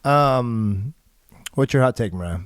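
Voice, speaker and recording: Rambling, chuckling podcast host. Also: male voice, mid-range voice, expressive, measured pace, no echo, studio quality. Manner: rambling, chuckling, hesitant fillers. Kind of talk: casual chat.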